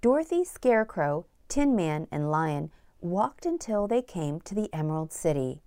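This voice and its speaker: A middle-aged woman narrating a children's story in a gentle, sing-song read-aloud manner. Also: medium pitch, very animated, unhurried, few pauses. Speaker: narrator and producer.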